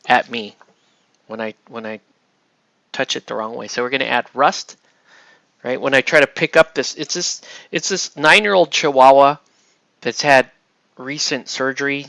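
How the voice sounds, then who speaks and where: A medium-pitched male voice, pushed and bright, with no room sound. He rambles chattily through a casual miniature painting tutorial, often asking "right?" as he works, captured on dull, dry lo-fi audio.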